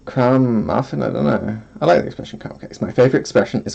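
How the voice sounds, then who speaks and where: A male streamer at home who talks in a rambling, self-deprecating way and often laughs at himself. His voice is gravelly with a slight fry. His pitch swings up and down a lot as he chats. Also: animated, normal speed, a little mellow, highs cut off. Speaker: vtuber streamer. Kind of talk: casual solo stream chat.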